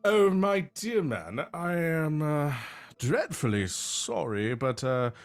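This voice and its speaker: A man's voice: on the high side, animated, takes it slowly, voice pushed up. A man voicing an effusive, overly polite male noble speaking through a talking bird.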